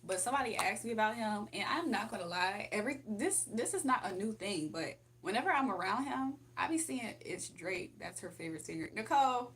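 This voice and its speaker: A woman's voice: mid-range voice, lively intonation, fairly quick, few pauses, fairly bright tone. Chatty young woman livestreaming. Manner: chatty, laughs often, reads chat aloud. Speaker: livestream host. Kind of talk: casual livestream chat.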